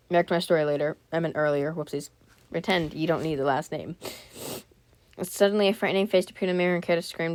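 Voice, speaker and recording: A woman's voice: fairly low pitch, a little mellow, clean tone. A woman reading a scary story aloud for her channel, often stopping to joke, comment and apologize before going on. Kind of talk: casual read-aloud with chatty asides.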